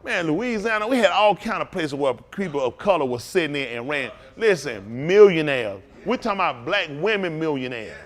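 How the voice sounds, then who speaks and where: A man preaching as a pastor in a fiery talk, swinging from low mutters to loud outbursts. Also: expressive, moderate pace, few pauses.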